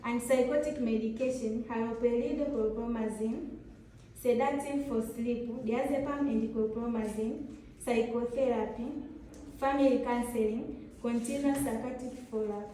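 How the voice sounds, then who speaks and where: A woman's voice: on the high side, steady tone, normal speed, warm tone, a little hiss or hum. Woman reading a case report. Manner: reads clipped clinical lists, mixes in Swahili. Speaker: nursing student presenting a case. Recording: echoey room from far off.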